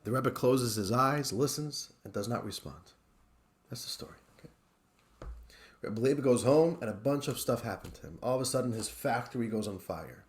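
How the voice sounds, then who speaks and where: A man, a rabbi, giving a weekly Torah lesson as an animated storyteller who swings between loud and hushed. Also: mid-range voice, normal speed.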